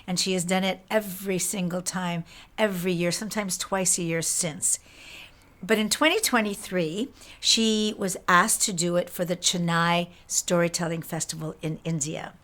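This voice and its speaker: A woman's voice: on the low side, fairly even intonation, normal speed, a bit bright. A woman hosting a storytelling program, introducing a concert in an easy, conversational way. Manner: conversational, with fillers and restarts. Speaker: radio show host. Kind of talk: casual spoken introduction.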